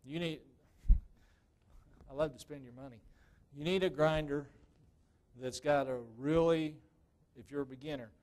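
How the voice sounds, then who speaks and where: A man leads a hands-on woodturning demonstration at a club meeting. His voice sits a little high, and he talks in a loose, folksy way. He checks in with the room by asking "okay?" again and again. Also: a little slow, darkish tone. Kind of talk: live workshop demonstration to a club.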